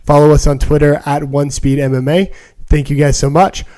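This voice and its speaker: A man's voice: on the high side, flat delivery, normal speed, warm tone. Easygoing male podcast host. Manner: easygoing, wraps up the show. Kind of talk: casual podcast chat.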